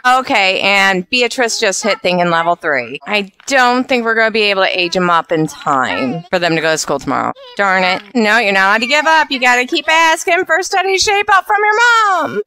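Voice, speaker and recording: A woman with a high, bright voice commentates her life-sim game. She barks orders and scolds the little characters on screen with exasperated bossiness. Her tone stays sharp and lively throughout. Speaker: let's play host. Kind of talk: gameplay commentary.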